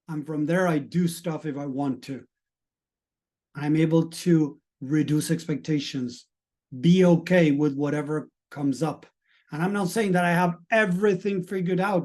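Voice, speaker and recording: A man's voice: fairly high pitch, a little mellow. A middle-aged man, a mindset coach, giving an earnest, emphatic live-streamed motivational talk and asking the chat audience questions.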